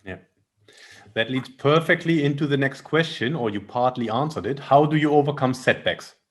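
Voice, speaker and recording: A man hosting an interview, asking calm questions and giving short affirmations. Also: mid-range voice, normal speed. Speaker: podcast host, interviewer.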